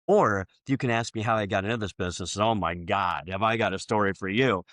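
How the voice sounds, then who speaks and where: A man hosting a podcast, chatting casually and acting out both sides of sales conversations, with many halting restarts. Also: on the low side, a bit bright, no echo. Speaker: podcast host.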